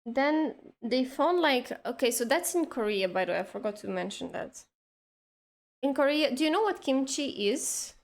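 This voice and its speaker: A woman's voice: high-pitched, expressive, normal speed. A woman telling a long story in casual chat, rambling with lots of "like" and restarts. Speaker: streamer.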